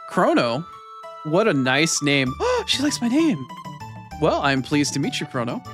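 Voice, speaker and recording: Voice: huge pitch swings, unhurried. A streamer putting on a bouncy girlish princess. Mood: friendly. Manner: high, bright girlish put-on voice. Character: cheerful bouncy tomboyish young princess. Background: game music.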